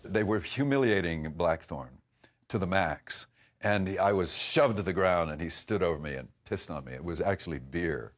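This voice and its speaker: Deep-voiced older man reminiscing. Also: expressive, fairly bright tone. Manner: measured, reflective, with frequent restarts and trailing pauses. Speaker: actor recalling a past production. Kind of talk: reflective interview recollection.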